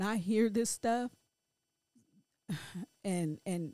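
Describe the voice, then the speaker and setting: A grief-stricken middle-aged woman talks slowly and haltingly, starting her sentences over and over. Her voice sits at an ordinary pitch, and the recording is dry and close, with no room sound. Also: a little mellow, no room sound. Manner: halting, emotional, many restarts. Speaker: grieving mother sharing her story. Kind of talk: personal spoken monologue.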